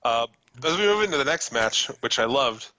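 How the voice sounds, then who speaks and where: A man's voice: mid-range voice, animated, normal speed, sharp tone, no room sound. A man co-hosting a wrestling podcast, talking loosely and profanely and laughing often. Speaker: podcast co-host. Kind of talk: casual wrestling chat.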